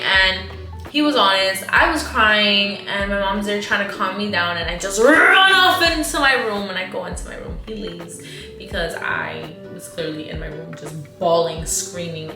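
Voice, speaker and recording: A vlogger in her twenties with a medium-pitched voice tells a story in casual chat, recorded with a roomy sound. She's animated, acts out the people she quotes, and says "like" a lot.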